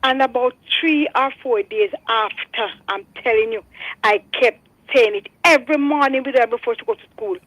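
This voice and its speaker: A woman's voice: on the high side, normal speed, dry recording. Older Jamaican grandmother calling in by phone. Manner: earnest, preachy, repeats herself. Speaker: radio caller. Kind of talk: phone-in testimony. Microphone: telephone. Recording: phone line.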